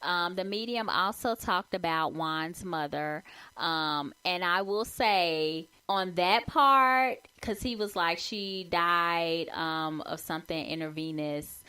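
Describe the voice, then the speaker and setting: Podcast co-host, woman with a lowish voice, casual and animated, voice leaps up for emphasis. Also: slow, clear, resonant tone. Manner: animated, conversational, swings high when emphatic. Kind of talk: casual chat.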